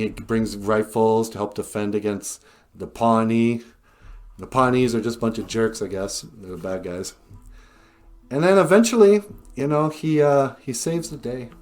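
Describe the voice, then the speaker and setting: A man from an Ojibwe community retelling a story in a loose, chatty, joking way with laughing asides. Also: fairly low pitch. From Ojibwe community, North America. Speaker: storyteller, host. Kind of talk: comic storytelling.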